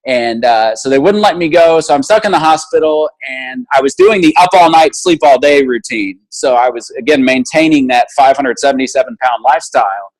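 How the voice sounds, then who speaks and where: Man, interview guest and motivational speaker, earnest storyteller, average pitch. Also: brisk, hardly any pauses, low-quality recording. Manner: earnest, animated retelling with restarts, acting out dialogue.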